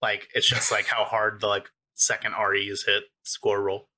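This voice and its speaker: Man, American accent, young adult, podcast host, casual chat, laughs often, bright voice. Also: lowish voice, little pitch movement, normal speed. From United States. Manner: chatty, laughs often between remarks.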